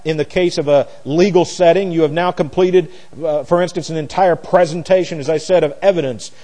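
This is a man giving an expository Bible lesson. He speaks in a slightly higher, mellow voice, repeats and restarts phrases for emphasis, and drifts off the mic now and then. A long reverb from the hall hangs behind him. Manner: emphatic, repeats words, self-corrects. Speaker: preacher teaching scripture. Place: classroom or church with a board.

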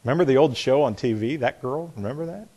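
A man's voice: mid-range voice, fast talker, a little mellow, slightly rough. A middle-aged man teaching a Bible lesson in a folksy sermon style, repeating phrases and reading lines aloud to show a point.

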